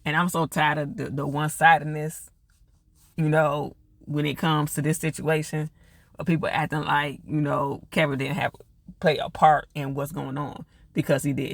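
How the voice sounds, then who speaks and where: Gravelly man chatting through a TV recap. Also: a little high, steady tone, normal speed, a bit bright, no echo. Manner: chatty slangy retelling, lots of fillers. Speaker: TV reviewer. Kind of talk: casual TV episode recap.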